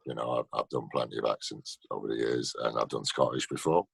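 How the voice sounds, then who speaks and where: A man's voice: a bass voice, fairly even intonation, fast, creaky, fairly bright tone, breathy edge, no echo. A man telling stories in a casual interview over a video call, laughing often. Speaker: actor guest.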